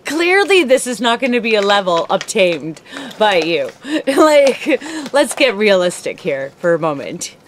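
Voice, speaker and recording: A woman's voice: medium pitch, very animated, measured pace, a little hiss or hum. A woman co-hosting a casual chat show, laughing often and swearing as she talks. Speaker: podcast co-host.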